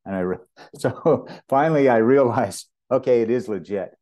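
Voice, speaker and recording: Canadian guy, older, deep mellow voice, swaps stories and does the voices. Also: a little fast. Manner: animated storyteller, acts out quoted dialogue. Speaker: property master, guest. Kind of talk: anecdotal storytelling in an interview.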